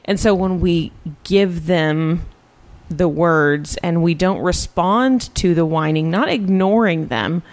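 A woman's voice: on the low side, slow pace. A woman, a mother and podcast guest, chatting playfully and giving everyday examples in a casual way. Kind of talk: casual chat.

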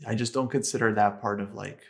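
A man's voice: fairly low pitch, fairly even intonation, fairly quick, vocal fry. A man co-hosting a casual podcast chat, talking in a hesitant, agreeable way with many fillers. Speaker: podcast co-host.

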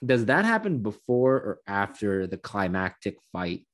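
Casual podcast co-host, man, lowish voice, animated and jokey. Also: unhurried. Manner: animated, laughing, acts out quotes. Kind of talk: casual chat.

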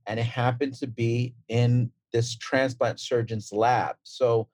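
Brooklyn-accented man in his forties, mid-pitched, laid-back interview guest, dry close sound. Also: takes it slowly, no room sound. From Brooklyn, New York. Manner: relaxed storytelling with fillers and restarts. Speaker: transplant surgeon guest. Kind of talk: casual interview talk.

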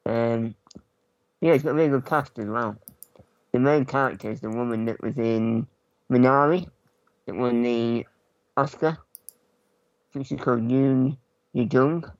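Man, podcast co-host, rambling, relaxed, dry sound, slightly lo-fi mic. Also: medium pitch, unhurried, long pauses, no echo. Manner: relaxed, rambling, many ums. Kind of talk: casual podcast chat.

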